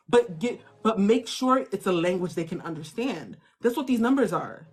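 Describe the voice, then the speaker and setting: A woman host giving animated, slangy motivational coaching in a casual chat. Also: mid-range voice, moderate pace, hardly any pauses, breathy edge, faint music behind.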